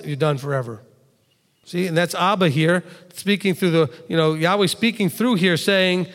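Guy preaching a sermon, fairly high voice, chatty asides to the congregation, big echoey hall. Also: a bit bright. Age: adult father of two. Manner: conversational, addresses listeners directly with asides. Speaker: pastor. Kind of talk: sermon teaching from scripture. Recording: long hall reverb.

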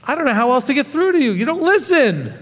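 Animated high-voiced man preaching. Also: quick pace, big-room sound. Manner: animated, scolding, rhetorical questions. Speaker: rabbi teacher. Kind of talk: sermon.

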